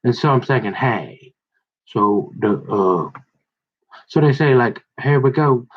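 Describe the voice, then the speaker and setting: A man's voice: medium pitch, animated. Rambling man telling stories, muffled recording. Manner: digressive, halting, full of restarts and asides. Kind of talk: rambling personal storytelling. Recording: dull lo-fi recording.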